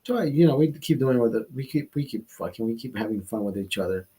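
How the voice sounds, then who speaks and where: A man's voice: mid-range voice, lively intonation, fast, dark tone, slightly rough, poor audio. A man hosting a livestream, telling a story in a heated, profane rant. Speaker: livestream host. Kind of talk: ranting storytime monologue.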